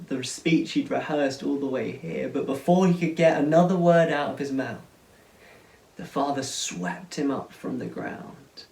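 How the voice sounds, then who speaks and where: A man's voice: mid-range voice, creaky. Earnest male preacher retelling a parable, recorded from a distance. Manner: earnest, often drops to a hushed voice. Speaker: church speaker. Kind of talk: storytelling sermon. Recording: roomy sound, mic at a distance.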